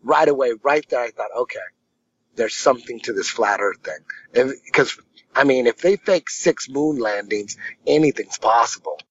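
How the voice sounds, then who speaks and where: A man's voice: medium pitch, lively intonation, normal speed, lo-fi sound. Rambling, storytelling man on a podcast. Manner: rambling storyteller, casual and profane. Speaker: martial arts instructor, podcast guest. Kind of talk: casual podcast interview.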